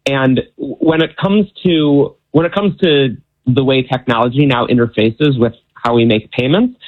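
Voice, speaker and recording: A male guest heard over a slightly muffled, lo-fi remote line. He speaks at an even, middle pitch, relaxed and explanatory, with a dry, self-amused touch. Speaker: guest magician. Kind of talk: casual interview answers.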